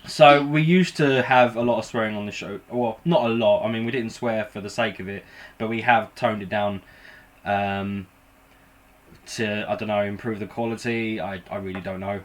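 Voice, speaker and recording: A man's voice: on the low side, steady tone, normal speed. An English man hosting a live paranormal show, chatting casually in a rambling, self-deprecating, joking way. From England. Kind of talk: casual live-stream chat.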